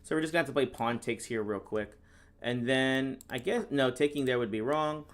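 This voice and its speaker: Playing chess on a live stream, this National Master from the United States narrates his own games in a mid-range voice at moderate speed. Viewer questions get read aloud and answered in an easygoing, deadpan sarcastic tone.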